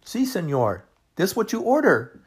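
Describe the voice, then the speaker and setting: A man voicing a smug, teasing male waiter in broken English with a mock Spanish accent, pitched well above his own voice. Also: wildly swooping pitch, measured pace, slightly rough, exaggerated voice.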